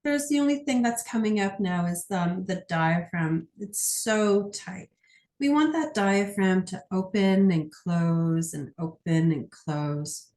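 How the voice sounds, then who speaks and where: A woman energy healer talks a listener through a guided healing session. She speaks soothingly and lets out long sighing "oh"s as she names what she feels. Her voice sits at a middle pitch and carries a roomy echo. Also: a little mellow. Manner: soothing, drawn-out sighing "oh"s, speaks feelings aloud.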